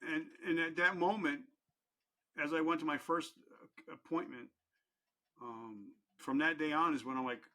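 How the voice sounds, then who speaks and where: A man's voice: a little high, unhurried, pushed and bright. A middle-aged man telling his personal story as a podcast guest, candid and earnest, with blunt, casual language.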